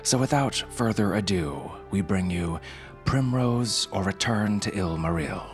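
A man's voice: fairly low pitch, animated, a little slow. A man hosting a fiction podcast, giving an upbeat, chatty introduction. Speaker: podcast host. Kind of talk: casual show introduction. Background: music.

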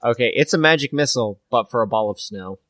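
A man's voice: medium pitch, lively intonation, quick pace, a bit bright, no room sound. A man co-hosting a podcast, chatting casually and sarcastically about tabletop game spells, with jokey asides and swearing. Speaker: podcast co-host.

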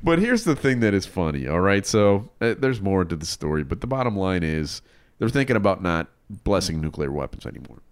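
Deep male co-host, lively pitch, casual storyteller with animated outbursts. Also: brisk, smooth, no echo, studio quality. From Chicago area, Illinois. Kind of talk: casual podcast banter.

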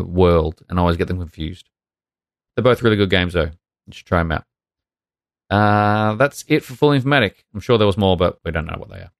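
A man with a fairly low voice chatting casually as a podcast co-host and reading out listener emails. The sound is dry and close, with no room echo. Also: clear, resonant tone. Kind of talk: casual chat.

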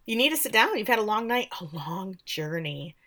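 A woman putting on a priest who speaks with unsettling calm and plain, matter-of-fact ease. He sounds like a neighborly guy telling a story, which makes his words feel off. His pitch sits at an ordinary middle height. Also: brisk. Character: calm male priest, eerie and chatty.

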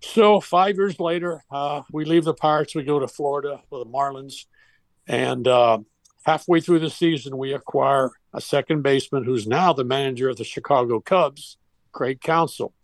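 A man's voice: medium pitch, normal speed, no room sound. An older man and former baseball coach, telling a personal story in a heartfelt, rambling way with restarts.

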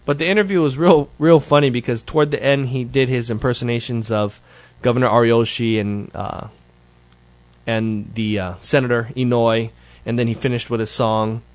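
A man's voice: mid-range voice, fairly even intonation, normal speed, no room sound. A man hosting his show, giving a casual, rambling update that is full of self-corrections. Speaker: show host.

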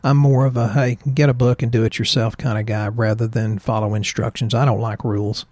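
A man co-hosting a casual health chat, opinionated and animated as he tells stories. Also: on the low side, brisk, no room sound. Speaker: podcast co-host, chiropractor.

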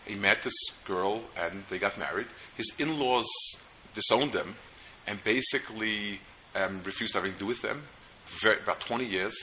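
A man lectures at a seminar in a very bright, sharp voice. He is earnest and stops and restarts as he tells stories to make his points. Faint hiss sits behind him. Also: lowish voice, low-quality recording. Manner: earnest, storytelling, halting restarts. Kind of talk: lecture on parenting.

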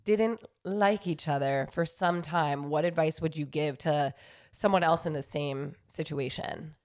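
A woman's voice: sits low, a little slow, darkish tone. A woman in casual chat, prompting the others with questions and amused remarks.

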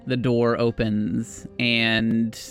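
A man narrating a tabletop role-playing game as game master, relaxed and laughing often. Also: mid-range voice, drawn-out words, soft background music.

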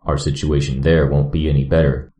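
A man's voice: rumbling low, level tone, fairly quick, mellow, reverberant, voice pushed down. Gru, a man doing a blunt young crook. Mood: countering. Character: cautious, blunt young male getaway planner.

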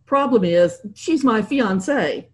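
A breezy, jolly English gentleman who never loses his cool, read out by a woman. He speaks with lively, swinging inflection and never lowers his voice to sound gruff. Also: slow pace. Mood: smooth. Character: unflappable posh English gentleman, man.

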